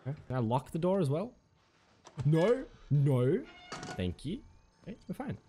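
A man's voice: a little high, very animated, unhurried, warm tone, husky. A man playing a horror game, swearing constantly and breaking into panicked yelps and nervous laughter. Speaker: gamer.

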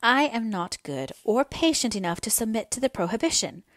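A woman's voice: fairly high pitch, lively intonation, moderate pace, no room sound, pitched above the performer's own voice, natural voice. A woman voicing an earnest, anxious young daughter in an audiobook reading, her lines pleading and near tears. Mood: earnest, insistent. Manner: pleading, then breaking into tears.

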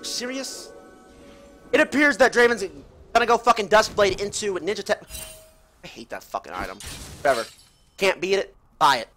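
A man streaming live esports commentary on a tournament match, profane and excitable, yelling through the fights. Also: sits high, moderate pace, long pauses. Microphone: headset. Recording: game music playing behind.

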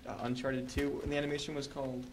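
A man's voice: mid-range voice, flat delivery, quick pace, slight background noise, rough recording. A man interviewing an actress, eager and joking as he asks questions. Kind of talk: casual interview chat.

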